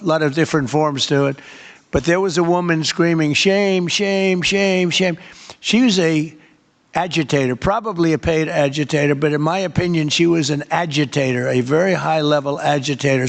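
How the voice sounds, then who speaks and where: A man's voice: on the high side, vocal fry. Rambling, emphatic older man at a press gaggle. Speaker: head of state answering press questions.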